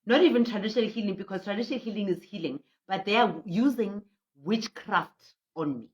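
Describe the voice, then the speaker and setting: A middle-aged woman with a South African accent, a traditional healer hosting a livestreamed prayer session, telling stories in an animated way and reading out viewer comments. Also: medium pitch, fairly quick. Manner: frequent laughter and restarts. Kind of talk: livestream talk. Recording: muffled lo-fi audio.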